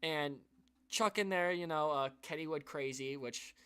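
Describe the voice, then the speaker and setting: A man's voice: on the high side, measured pace, a bit bright, clean tone. A man hosting a live stream, talking to his viewers in an earnest, rambling way, full of restarts and sighs, and emotional. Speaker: YouTube channel host.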